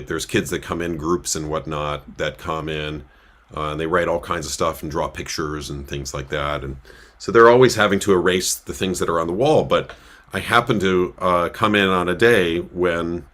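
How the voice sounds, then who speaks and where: Super deep voiced cantor guy rambling thru a story, lots of uhs. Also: a bit bright. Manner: rambling, with many filler sounds. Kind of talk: casual storytelling on a livestream. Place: synagogue.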